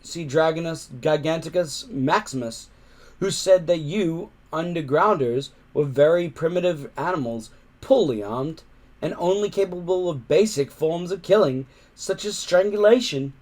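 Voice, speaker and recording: A man voicing a clever young boy hero in a high, breathless, urgent voice. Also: a little slow, a little mellow, lightly acted. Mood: gasping.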